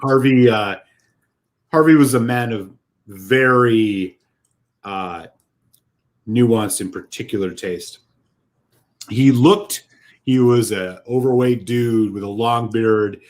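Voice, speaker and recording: A man's voice: mid-range voice, takes it slowly, long pauses. A man co-hosting a casual whisky chat, telling a heartfelt, rambling story with lots of fillers. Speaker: whisky podcast co-host.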